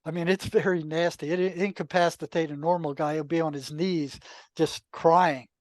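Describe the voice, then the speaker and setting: Older man telling stories in a higher voice. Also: moderate pace, dry recording. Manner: relaxed, anecdotal, many asides and "you know". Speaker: podcast guest, retired psychotherapist. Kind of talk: casual storytelling.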